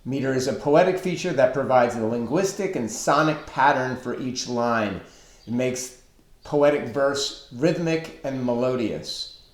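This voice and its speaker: Slow, deliberate male lecturer. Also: mid-range voice. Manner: slow, deliberate explaining with pauses. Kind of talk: online literature lecture. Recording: echoey room.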